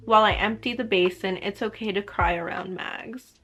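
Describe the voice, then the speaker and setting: A woman's voice: medium pitch, moderate pace, few pauses, fairly bright tone. A young woman vlogging about a book, reading passages aloud and reacting with strong emotion between them.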